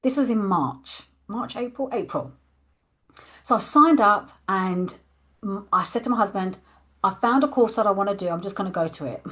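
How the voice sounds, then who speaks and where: A woman's voice: mid-range voice, slightly rough. A woman, a coach candidly telling her personal story and acting out her past thoughts.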